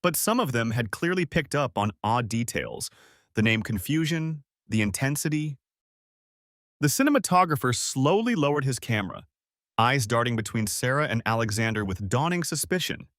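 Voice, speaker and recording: A man narrating a dramatic story in a scripted, expressive reading. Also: mid-range voice, moderate pace, dry recording, studio quality.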